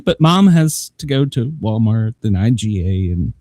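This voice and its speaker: A man's voice: lowish voice, sing-song, moderate pace, dark tone, dry recording. A man telling a long, rambling story in casual chat as a show host, laughing often. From Southern United States.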